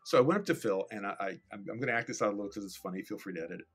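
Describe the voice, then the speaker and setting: A man's voice: lowish voice, racing, fairly bright tone, breathy edge. A middle-aged man, a guest animator and director, telling an anecdote casually and animatedly, acting out scenes and swearing freely.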